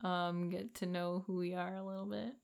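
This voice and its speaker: A woman's voice: fairly low pitch, flat delivery, normal speed, gravelly, darkish tone. A Filipina woman with an American accent, co-hosting a casual podcast chat, blunt and teasing and swearing freely. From Philippines. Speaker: podcast co-host.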